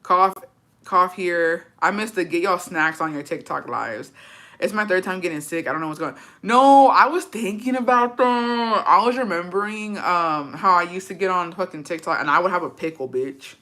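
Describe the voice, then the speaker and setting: Young woman on a casual live stream, swearing and gossiping while she reads chat, bright crisp voice, drops spanish words. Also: fairly low pitch, brisk. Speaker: livestream host. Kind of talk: casual livestream chat reading comments.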